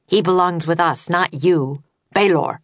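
A woman's voice: on the low side, measured pace, no room sound, lightly acted. A woman doing a cold, commanding girl. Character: stern girl from a dark magic world.

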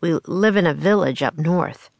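A cautious young boy who talks carefully and a little hushed, as a woman reads him. The voice sits low and is recorded dry and close. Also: normal speed, vocal fry, no room sound. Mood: nervous.

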